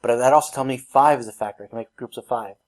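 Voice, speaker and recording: A man's voice: mid-range voice, fast talker. Casual, self-teasing male math teacher. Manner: casual, self-deprecating, laughs at himself; talks through work step by step. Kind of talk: recorded math lesson.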